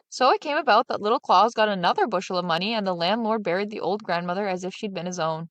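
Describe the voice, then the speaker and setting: A woman reads a fairy tale aloud with steady, expressive narration. Her voice sits in the middle range. The sound is dry and close. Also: mid-range voice, quick pace, hardly any pauses, no echo. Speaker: storyteller.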